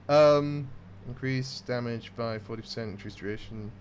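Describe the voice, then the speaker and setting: A man's voice: medium pitch, moderate pace, few pauses, a little mellow, a little hiss or hum. A man casually commenting on his gameplay, joking and muttering through menus. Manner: chatty, jokey, mutters while reading menus. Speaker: gaming channel host.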